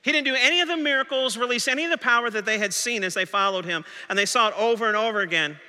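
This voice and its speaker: Man, pastor preaching, high and very bright voice, dramatic delivery, echoing church hall. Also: very fast, clean tone. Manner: dramatic preaching, voicing doubting disciples' questions. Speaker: senior pastor. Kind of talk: sermon. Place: church sanctuary.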